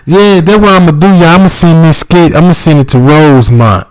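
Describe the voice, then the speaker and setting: A man, talking loosely into his livestream in a somewhat high voice. He rambles, swears freely and keeps checking that his listeners follow him. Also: fairly quick, clear, resonant tone. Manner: loose, profane, keeps asking "you know what I'm talking about". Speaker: livestream host. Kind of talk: casual livestream commentary.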